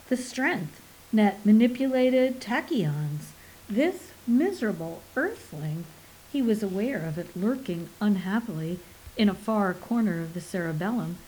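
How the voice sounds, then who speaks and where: A woman narrating an audiobook in an expressive storytelling delivery. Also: medium pitch, low-quality recording.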